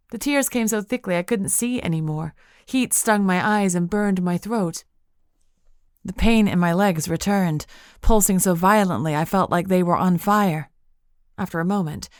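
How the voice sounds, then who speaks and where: A woman reading first-person narration of an audiobook in a measured, intimate way. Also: on the low side, dry recording, studio quality.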